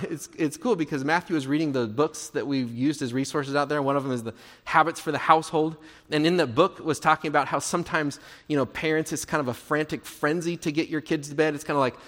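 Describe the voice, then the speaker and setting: Pastor, male, slightly high voice, easygoing and encouraging sermon delivery, long church reverb. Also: fairly bright tone. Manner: conversational, encouraging, acts out sample prayers.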